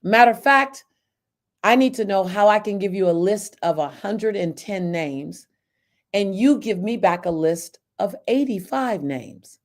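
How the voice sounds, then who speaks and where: A woman's voice: medium pitch, a little slow. A middle-aged woman, a motivational speaker, telling a personal story and addressing listeners by name. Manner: animated, talks to listeners by name. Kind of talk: storytelling to a live audience.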